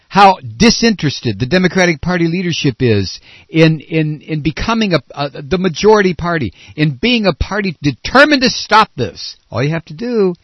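Gravelly sarcastic male talk radio host. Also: a little high, dry recording, muffled recording. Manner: sarcastic, ranting, reads news aloud. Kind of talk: opinionated talk radio monologue.

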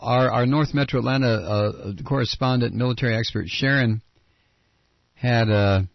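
Gravelly sarcastic male talk radio host. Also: medium pitch, moderate pace, dry recording, muffled recording. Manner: sarcastic, ranting, reads news aloud. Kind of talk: opinionated talk radio monologue.

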